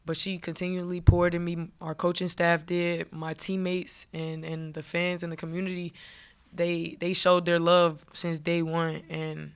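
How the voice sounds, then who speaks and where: A young woman college basketball player answering at a press conference, halting and emotional, with many fillers. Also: fairly low pitch, flat delivery, clean tone. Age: young adult.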